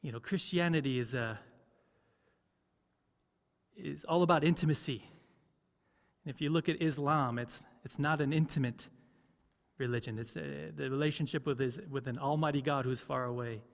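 A man's voice: medium pitch, moderate pace, gravelly, pauses often, long reverb tail. A man preaching a sermon as pastor, conversational, often asking the congregation questions. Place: church.

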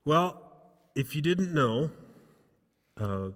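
A man preaching a sermon, reading scripture dramatically and dropping softly into asides, then leading a prayer. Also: fairly high pitch, very animated, extremely slow, big-room sound. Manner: dramatic reading, rising loud for quotes, dropping soft for asides. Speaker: pastor.

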